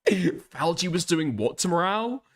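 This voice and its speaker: A man's voice: high-pitched, sing-song, a little slow, fairly bright tone. A man streaming live, reacting to a clip with profane, exasperated commentary and laughing asides.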